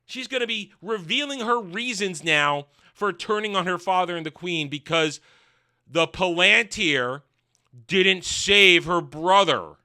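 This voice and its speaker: A man's voice: high-pitched, expressive, unhurried, bright, forceful tone, clean tone. A man reviewing a show in a crude, sarcastic rant, often stumbling and restarting his sentences.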